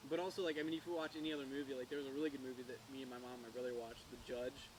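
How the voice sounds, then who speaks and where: Quick, casual young male co-host, slangy, mid-pitched voice. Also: little pitch movement, background noise. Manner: casual slangy talk, says "freaking" a lot. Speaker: podcast co-host. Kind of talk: casual chat.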